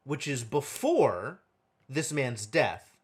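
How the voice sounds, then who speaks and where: A man's voice: mid-range voice, sing-song, takes it slowly, breathy edge. A man streaming a game live, thinking aloud and muttering counts to himself as he works through a puzzle. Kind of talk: live gameplay commentary.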